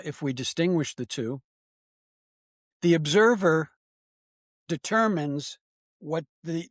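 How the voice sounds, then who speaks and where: A man's voice: a little high, no echo, studio quality. An older male psychologist explaining ideas earnestly in an interview, often checking in with "right?". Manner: earnest, emphatic, teacherly with tag questions. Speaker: psychologist and author guest.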